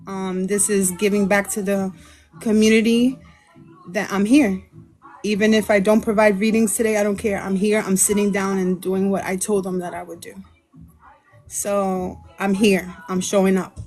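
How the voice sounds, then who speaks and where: A woman's voice: mid-range voice, level tone, moderate pace, a little mellow, faint music behind. A woman hosting a tarot livestream, chatting in a bubbly way, greeting viewers by name and mixing in Spanish words. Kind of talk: casual livestream chat. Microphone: phone livestream.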